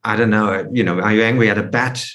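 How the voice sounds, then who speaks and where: A man's voice: on the low side, fast talker, a bit bright. A man coaching on forgiveness in a podcast interview, reflective, explaining through rhetorical questions.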